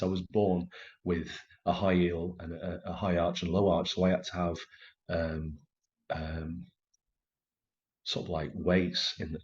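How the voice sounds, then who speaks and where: Middle-aged man, deep voice, emotional storyteller with restarts; dull recording. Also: a little mellow. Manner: halting, emotional, many restarts and fillers. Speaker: actor telling his story as a guest. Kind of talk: personal storytelling in a conversation.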